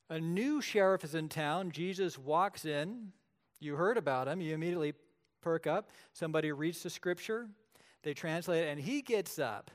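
A man preaching a sermon as pastor, telling the story vividly and swinging between loud and hushed delivery. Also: a little high, animated, moderate pace.

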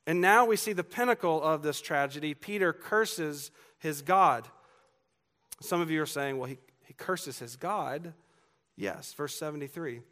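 A man's voice: on the high side, a bit bright. A man preaching a sermon from Georgia with a faint Southern accent, earnest and emphatic, building on repeated lines and turning to the congregation with asides. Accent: Southern US, faded. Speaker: pastor. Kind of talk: expository sermon.

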